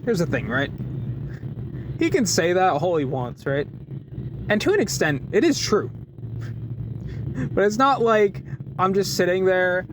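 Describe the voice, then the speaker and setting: A man telling a work story in a casual, animated vlog, with many restarts and short laughs. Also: high voice, noisy background. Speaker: deli worker venting in a vlog. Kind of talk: casual chat.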